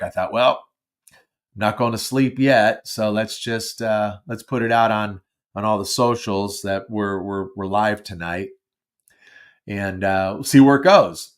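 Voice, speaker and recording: A middle-aged man hosting a live call-in podcast, chatting casually in a rambling, self-deprecating way with lots of fillers and restarts. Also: fairly low pitch. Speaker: podcast host taking call-ins. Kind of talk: casual live-stream chat.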